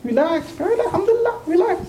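A man's voice: extremely high pitch, animated, fast talker, noisy background, voice pushed up. A man voicing a cheerful angel who welcomes newcomers to paradise in a joke within a sermon. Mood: reassuring. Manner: reassuring, enthusiastic.

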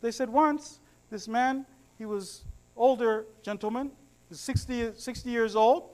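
A man's voice: very high-pitched, measured pace, a little mellow. A man preaching a sermon to his congregation, mixing humorous stories with recited Arabic verses.

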